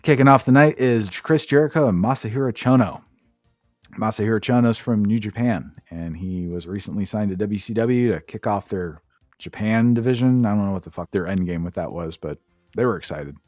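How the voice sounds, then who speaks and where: A man's voice: lowish voice, darkish tone, no room sound, clean studio sound. A man co-hosting a podcast, giving a sarcastic, profane play-by-play recap in casual chat. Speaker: podcast co-host.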